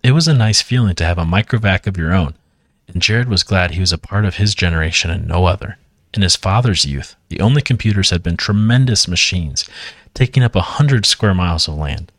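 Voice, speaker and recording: Hushed deep-voiced man reading a story. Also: lively intonation, brisk, no echo, clean studio sound. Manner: quiet, hushed delivery. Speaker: story reader. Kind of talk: hushed late-night story reading with casual asides.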